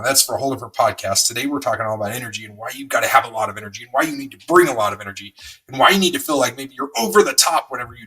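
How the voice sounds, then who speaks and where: A middle-aged man hosting a podcast, telling a rambling, energetic story with lots of fillers. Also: medium pitch, far from the mic, low-quality recording. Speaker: podcast host. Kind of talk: motivational podcast monologue.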